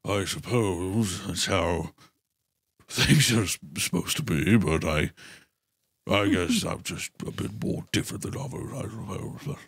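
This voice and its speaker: A man's voice: sits low, lively intonation, gravelly, a bit bright, husky, dry recording, clean studio sound, pitched below the performer's own voice, exaggerated voice. Man doing a mumbling, despairing physicist. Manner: halting, despairing, murmured. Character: gloomy mumbling male physicist, film lead.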